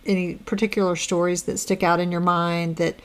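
A woman interviewing for an oral history, asking long, gently probing questions. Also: on the low side, flat delivery, fairly quick, smooth.

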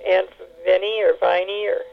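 A woman telling family memories in an oral history interview, halting with many fillers and restarts. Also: mid-range voice, little pitch movement, gravelly. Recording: tinny phone line.

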